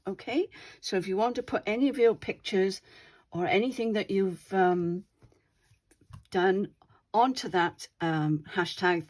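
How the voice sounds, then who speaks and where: A woman's voice: mid-range voice, a little mellow. Chatty woman showing crafts. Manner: chatty, often checks in with "all right?". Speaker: craft channel host. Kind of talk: casual craft demonstration.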